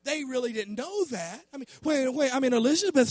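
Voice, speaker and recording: A middle-aged man, a pastor preaching a sermon with passion, dropping to quiet asides and then rising to shouts. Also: extremely high pitch, animated, brisk, few pauses, no echo, studio quality.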